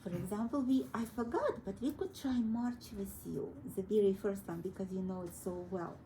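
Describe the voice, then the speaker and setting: A woman teaching a young child piano, gently coaxing and encouraging her through each step. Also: medium pitch, normal speed, a little hiss or hum, low-quality recording. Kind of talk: one-on-one children's piano lesson. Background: piano playing.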